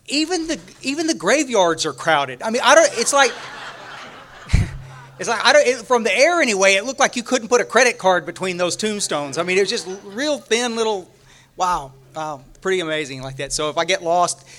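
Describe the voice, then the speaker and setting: Older man, Texan drawl, high-pitched voice, folksy rambling talk, stumbling restarts, retreat speaker. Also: fairly bright tone. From Texas. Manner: halting, folksy, full of restarts and fillers. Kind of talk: rambling humorous storytelling talk. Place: room at a retreat, talking to a live audience.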